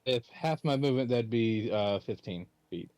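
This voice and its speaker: Male player, mid-pitched, dry close sound, playful and rules-minded. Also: lively intonation, normal speed, a little mellow, no room sound. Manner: playful, asks rules questions, counts movement aloud. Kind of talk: tabletop game play over a call.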